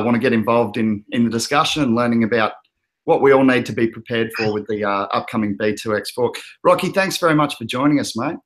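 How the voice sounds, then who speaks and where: Australian man, host, casual chat, rambling, middle pitch. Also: fairly bright tone. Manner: easygoing, rambling, with frequent fillers and restarts.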